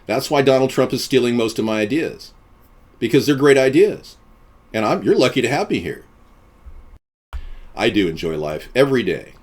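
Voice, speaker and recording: A man hosting a live stream, chatting with viewers in a deadpan, boastful way and jumping from topic to topic. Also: mid-range voice, moderate pace, pauses often.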